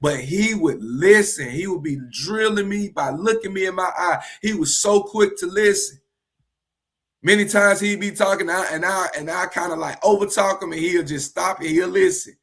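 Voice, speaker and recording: A man teaching from the Bible in a livestream, earnest and repeating key phrases slowly for emphasis. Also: high voice, a bit bright.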